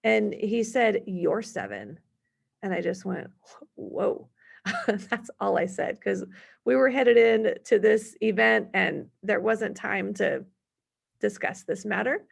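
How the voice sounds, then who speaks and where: A woman's voice: a little high, gravelly. A woman in her thirties presenting a parenting workshop, chatty and telling family stories between her examples. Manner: chatty, storytelling, gives worded examples.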